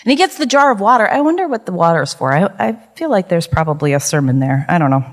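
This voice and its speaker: A woman's voice: on the low side, quick pace. Chatty woman teaching in a reverberant hall. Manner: lively, chatty, asks rhetorical questions. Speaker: Bible study teacher. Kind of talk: conversational Bible teaching.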